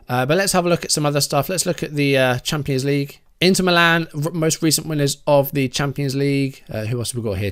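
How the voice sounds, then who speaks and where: A man's voice: mid-range voice, fairly bright tone, clean tone. A man giving casual game commentary, musing aloud as he reviews results and reacts with easy surprise. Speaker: gaming YouTuber.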